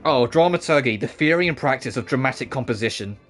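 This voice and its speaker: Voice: mid-range voice, expressive, quick pace, a bit bright. A chatty let's-play streamer whose voice swings up and down as they react, laughing often and swearing casually. Faint game music plays underneath the commentary.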